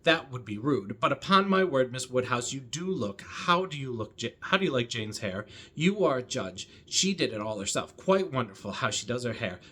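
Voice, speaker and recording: A man's voice: medium pitch, pushed and bright. A man reading aloud as a talkative middle-aged spinster who rambles breathlessly from one topic to the next. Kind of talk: reading a novel's dialogue aloud.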